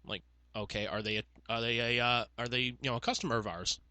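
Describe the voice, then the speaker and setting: A man's voice: mid-range voice, steady tone, fast, sharp tone, no echo. A man co-hosting a podcast, telling sarcastic, profane stories about customer service calls and mimicking callers. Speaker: podcast co-host, former call center worker. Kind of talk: casual storytelling chat.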